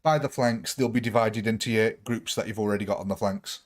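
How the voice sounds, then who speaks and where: A man's voice: fairly low pitch, fairly even intonation, fairly quick. Jokey male game streamer. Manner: jokey, chatty, giggly. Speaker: gaming livestreamer. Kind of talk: live game commentary with chat.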